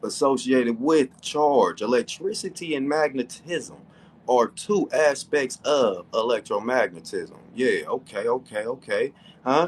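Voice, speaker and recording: A man's voice: mid-range voice, expressive, unhurried, breathy edge. A man hosting a casual debate stream, mocking his opponent and reading sources aloud with heavy emphasis.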